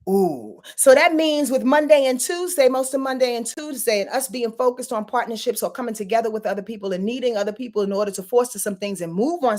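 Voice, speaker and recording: A woman's voice: a little high, darkish tone. A woman hosting an astrology forecast in a chatty, profane way, often laughing at herself. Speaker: astrology channel host. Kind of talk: casual spoken astrology forecast.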